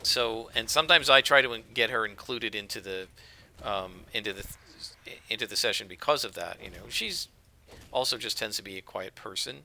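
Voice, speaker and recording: A man rambles casually over his gameplay, and his voice is strikingly bright and forceful. He sits a little low in pitch and talks on freely, full of fillers. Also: moderate pace. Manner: rambling, conversational, with frequent fillers. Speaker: let's play gamer. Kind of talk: casual game commentary.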